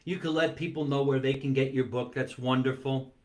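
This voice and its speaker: A man with a mid-range, darkish voice talks briskly and with fairly even intonation. Broadcasting a live comic monologue from his basement, he eats as he chats playfully and drags out words for comic effect.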